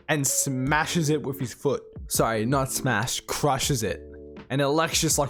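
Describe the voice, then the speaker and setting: A man casually recapping a comic chapter, excitable, reading out the characters' lines as he goes. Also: on the high side, measured pace, faint music behind. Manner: excitable, retells the plot while reading out the dialogue. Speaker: manga reviewer.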